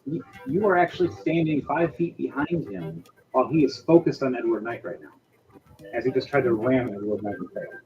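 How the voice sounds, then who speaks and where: A man's voice: mid-range voice, animated, fairly quick, highs cut off. A man narrating as game master, rambling with lots of restarts.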